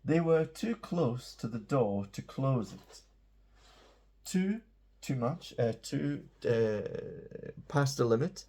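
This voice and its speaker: A man's voice: medium pitch, lively intonation, slow, mellow, slightly rough. A man giving a casual, playful English lesson, chatty and self-mocking. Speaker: English teacher.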